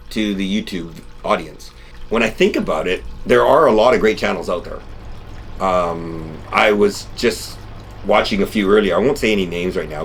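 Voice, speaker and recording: Chatty middle-aged man, low voice. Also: slight background noise. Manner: rambling, animated storytelling with restarts. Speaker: channel host. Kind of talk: casual chat to camera. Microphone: camera-mounted mic, no lapel.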